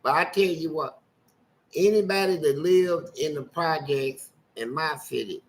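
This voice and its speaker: An older storyteller guest from Louisville, Kentucky spins wild tales in a casual, colorful way, acting out voices with plenty of energy. His voice is somewhat high and his pace measured, on a low-quality recording.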